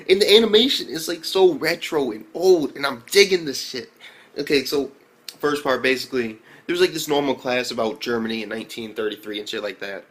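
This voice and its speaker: A man talks through an anime episode in a loose, casual review vlog. His delivery is slangy and full of swearing, and he keeps the energy excitable from start to finish. His pitch sits in a middle range for a man. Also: fairly quick.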